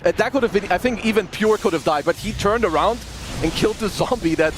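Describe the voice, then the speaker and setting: A man giving color commentary on an esports match, calmly explaining what the teams are doing. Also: sits high, fast, noisy background. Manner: relaxed analytical explanations. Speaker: esports analyst.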